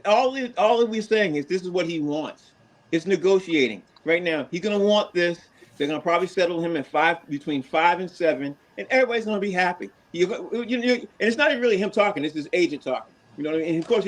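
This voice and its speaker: A man with a Boston accent, co-hosting a casual sports podcast, teasing his partner and laughing often. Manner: teasing, laughs a lot, pitch jumps when mocking. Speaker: podcast co-host.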